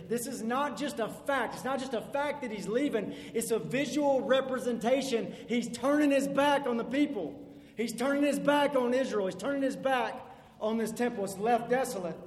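A man preaching an expository sermon, emphatic, building to loud peaks and then dropping low. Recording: echoey hall with long reverb, faint ambience.

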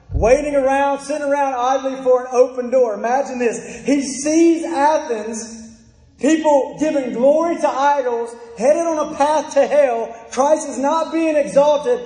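A man's voice: very high-pitched, warm tone. A man preaching a sermon in earnest, repeating his key phrases for emphasis. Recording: echoey hall with long reverb.

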